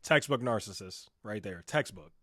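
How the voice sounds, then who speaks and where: Animated mocking man, dry close mic. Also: normal speed, no room sound. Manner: animated, mocking, swings between loud outbursts and low muttering. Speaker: commentary YouTuber. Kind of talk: reaction commentary.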